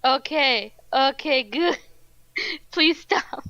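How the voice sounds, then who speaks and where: A woman's voice: high voice, lively intonation, drawn-out words, pushed and bright, dry recording, dull audio. A woman playing in a tabletop game, giggly and joking. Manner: giggly, breaks into laughter. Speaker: player. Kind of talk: casual tabletop game play.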